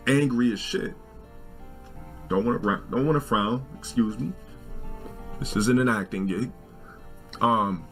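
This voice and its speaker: A man in his forties telling a long personal story in a casual, profane, animated way, with faint music. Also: moderate pace. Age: 40s. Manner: animated, profane, jumps into shrill quoted voices. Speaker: storyteller in a video.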